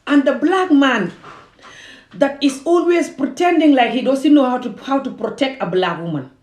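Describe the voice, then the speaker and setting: A woman's voice: sits high, animated, moderate pace, darkish tone. A woman from Gambia ranting heatedly and emphatically in a self-filmed commentary video. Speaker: vlogger.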